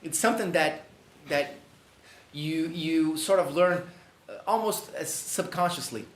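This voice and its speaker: A man's voice: fairly high pitch, a little slow, roomy sound. A man with a Brazilian accent teaching a live online guitar masterclass, explaining rhythm and singing syllables to demonstrate. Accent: Brazilian Portuguese.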